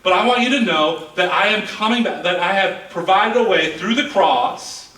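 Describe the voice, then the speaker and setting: A man's voice: sits high, normal speed, sharp tone. A man in his thirties preaching a sermon as pastor, earnest and repeating words as he builds his points. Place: church sanctuary. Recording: echoey church hall from far off.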